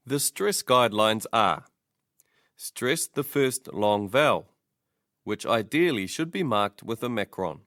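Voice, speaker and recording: A man giving a scripted pronunciation lesson, saying each word slowly and then repeating it as a model. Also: medium pitch, animated, fairly bright tone, no room sound, studio quality. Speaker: language teacher.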